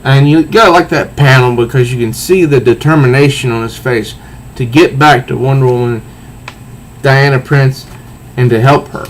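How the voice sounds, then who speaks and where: A man casually reviewing a comic book, recounting panels in a halting way with repeated words. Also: medium pitch, slight background noise, low-quality recording.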